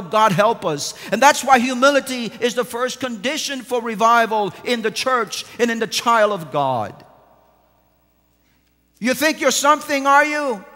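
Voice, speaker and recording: Male pastor with a high voice, preaching from a reverberant sanctuary, moving from quiet to forceful. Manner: preaching with sweeping swings from hushed to emphatic. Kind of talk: sermon. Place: large church sanctuary. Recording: long church reverb.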